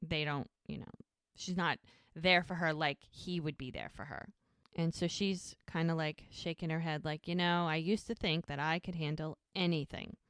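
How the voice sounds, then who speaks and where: A woman's voice: low-pitched, normal speed, smooth, no echo, clean studio sound. A woman co-hosting a podcast, casually retelling show scenes and acting out the characters' lines. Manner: retells scenes, quoting characters in animated voices. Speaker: podcast co-host. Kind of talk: casual recap chat.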